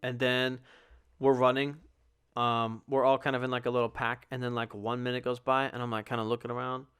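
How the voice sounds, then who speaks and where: A man's voice: mid-range voice, little pitch movement, brisk, fairly bright tone, clean tone. A young man hosting a podcast, telling a rambling, profane, self-mocking story about being bad at sports in a casual solo chat. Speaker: podcast host.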